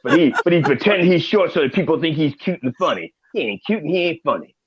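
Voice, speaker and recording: A man's voice: on the high side, very animated, fast, slightly rough, no room sound, lo-fi sound, voice pushed up. A man playing a crude, rambling reverend. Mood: mixed. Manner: rambling, profane, preacher-like asides. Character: crude older male reverend comedian character. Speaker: comedic guest in character. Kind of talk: improvised comedy in character. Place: studio.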